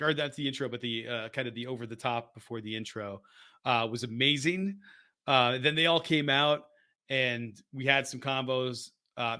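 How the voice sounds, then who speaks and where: Man, podcast co-host, casual chat, excitable, rambling, laughing, bright tone. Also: mid-range voice.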